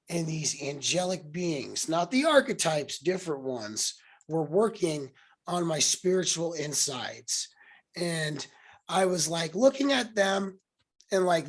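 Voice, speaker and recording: Animated man telling a wild story. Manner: animated storyteller, acts out quotes with sudden loud pitch jumps. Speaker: podcast host. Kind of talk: casual conversation.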